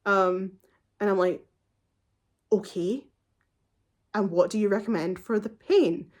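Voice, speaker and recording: A woman in her twenties tells a story straight to her viewers in a casual, heated way. She swears freely and slips into quoted back-and-forth, playing both herself and the other person. Her pitch sits in an ordinary middle range for a woman. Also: slow pace, a little mellow. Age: 20s. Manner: heated, swears often, acts out both sides of a conversation. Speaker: vlogger.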